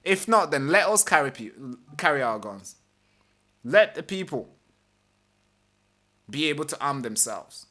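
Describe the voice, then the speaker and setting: A man's voice: on the high side, very animated, measured pace, pauses often, bright, forceful tone. A male host reading an article aloud during a live stream and commenting on it, swearing, repeating himself and putting on mocking voices.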